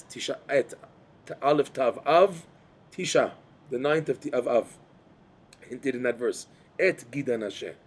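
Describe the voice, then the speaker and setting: Animated man teaching a Torah class. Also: medium pitch. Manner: animated, repeats words, asks listeners to follow. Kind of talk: Torah class explaining texts.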